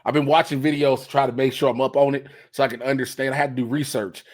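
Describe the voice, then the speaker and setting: Husky, animated man joking around. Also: medium pitch, fast. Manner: animated, jumps into loud joke voices. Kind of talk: casual comedic banter.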